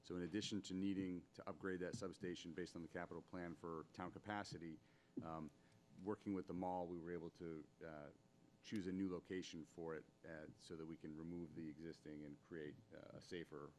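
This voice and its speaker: A man's voice: low voice, fairly even intonation, fairly quick, darkish tone, a little hiss or hum. A man speaking at a town board meeting, explaining budget matters with many fillers. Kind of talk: public meeting remarks. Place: town hall meeting room.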